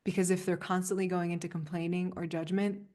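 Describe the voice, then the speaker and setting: Earnest soft-spoken woman coach. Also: fairly low pitch, flat delivery, brisk. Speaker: spiritual coach leading a group session. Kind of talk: live community coaching session.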